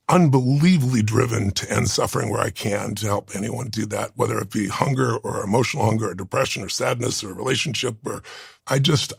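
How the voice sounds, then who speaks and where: A man in his sixties with a gravelly, husky voice. He tells a deeply personal story in an interview, earnest and intense. The sound is dry and close to the mic. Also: no echo. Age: 60s. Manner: earnest, intense, rough gravelly voice, moved to tears. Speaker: interview guest.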